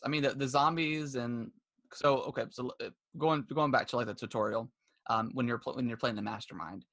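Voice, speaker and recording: A man's voice: medium pitch, a bit bright. A man co-hosting a casual gaming podcast, rambling with many restarts and fillers, and laughing as he retells stories. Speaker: podcast co-host. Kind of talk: casual chat.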